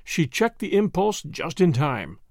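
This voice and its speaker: A man hosting and narrating a classic novel as an audiobook, in measured, expressive storytelling. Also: on the high side, dry recording, studio quality. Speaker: host and narrator.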